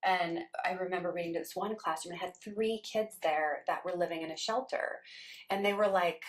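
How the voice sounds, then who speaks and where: A woman's voice: on the low side, normal speed. A middle-aged woman who writes children's books, telling personal stories in a casual way and acting out the voices of people she quotes. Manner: animated, acts out quoted voices. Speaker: children's book author. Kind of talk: casual storytelling.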